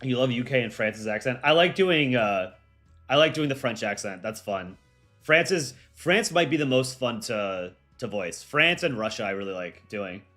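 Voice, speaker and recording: A young American man chatting casually on a live stream as its host, relaxed and full of ums and likes. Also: medium pitch, normal speed, faint music behind. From United States. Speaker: streamer and voice actor.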